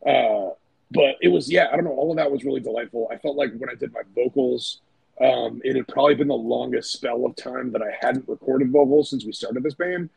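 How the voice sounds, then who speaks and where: A man's voice: mid-range voice, brisk, a little mellow, no echo, rough recording. A man, a band's singer and guitarist, talking casually and loosely in a podcast chat, with lots of fillers and swearing. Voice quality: gravelly, husky voice. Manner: rambling, loose, swears often, many fillers.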